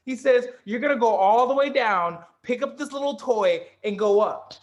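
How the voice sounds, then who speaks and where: A man telling a story in casual chat, animated and profane, acting out the people in it. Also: high-pitched, normal speed. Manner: animated storyteller, swearing, acts out other voices. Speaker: co-host.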